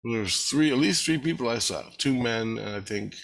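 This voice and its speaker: A man's voice: medium pitch, animated, fairly quick, gravelly, fairly bright tone. A man telling a rambling, repetitive personal story, with frequent swearing.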